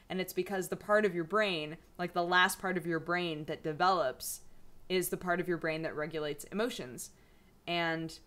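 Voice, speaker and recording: A woman's voice: fairly low pitch, fairly bright tone. A young adult woman chatting casually at home in a rambling vlog, full of fillers. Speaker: vlogger. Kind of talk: casual chat.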